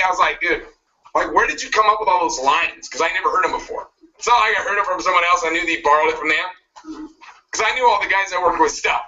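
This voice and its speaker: A motivational speaker with a high, sharp voice gives a pushy talk, throwing in jabs and laughing at his own lines. It sounds like a muffled video played back from a distance.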